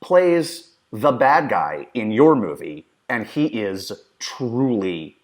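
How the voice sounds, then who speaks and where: Lively, emphatic man co-hosting a podcast. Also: fairly low pitch, takes it slowly. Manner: enthusiastic, emphatic, jokey. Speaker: podcast co-host. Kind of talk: casual movie chat.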